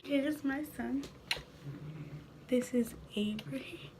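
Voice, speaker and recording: A nineteen-year-old woman talking in a soft, tearful, often whispery way for a personal vlog. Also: high-pitched, slow, noisy background. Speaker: vlogger.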